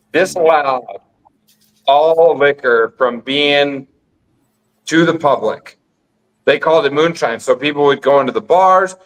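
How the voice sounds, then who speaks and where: A man's voice: on the high side, fairly bright tone, rough recording. A man in casual podcast chat, rambling and insistent, repeating himself as he explains. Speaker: guest on call-in podcast.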